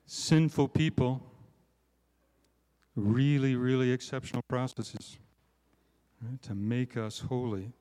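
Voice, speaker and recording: A man's voice: medium pitch, fairly even intonation, takes it slowly, pauses often, warm tone, smooth, big-room sound. A man giving a conversational, self-deprecating sermon at a conference, often checking in with "right?" asides. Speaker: conference speaker.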